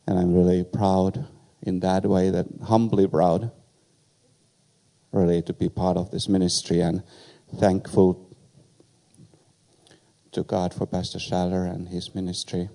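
An older man with a foreign accent, sharing a personal testimony with humor as a guest speaker at a church, in a halting storytelling way with many fillers. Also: low voice, flat delivery, vocal fry, dark tone. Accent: foreign accent in English.

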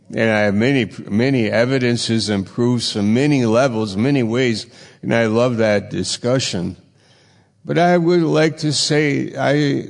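A man's voice: medium pitch, creaky. A man preaching a sermon, emphatic, repeating phrases for weight, his voice swelling and dropping. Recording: long reverb in a large hall.

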